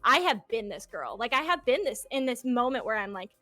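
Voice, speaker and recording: Twenty-something woman guest, lively storyteller, higher voice, dry close sound. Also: a little fast, no echo, soft background music. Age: 20s. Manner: animated, swearing, laughs often, acts out quotes. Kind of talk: casual storytelling chat.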